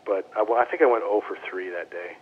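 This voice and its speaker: A man, a former baseball player, telling animated stories in a casual interview and quoting teammates as he goes. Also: lowish voice, fast, slight background noise. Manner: animated anecdotes, quoting others in voices. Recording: phone-line audio.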